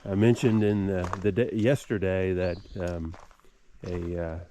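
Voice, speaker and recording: A middle-aged man speaks outdoors at a campsite into a camera-mounted mic. His voice is fairly low and mellow. He tells his story casually and rambles, with frequent fillers and restarts. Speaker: outdoor vlogger.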